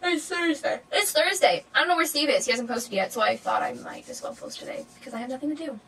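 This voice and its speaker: A young woman chats to her camera in a rambling, unscripted way, stumbling through fillers and corrections. Her voice sits a little high and sounds bright and sharp, and now and then it jumps up into an excited squeal. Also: racing, slightly rough, rough recording. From Canada. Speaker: vlogger. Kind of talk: casual chatty vlog monologue.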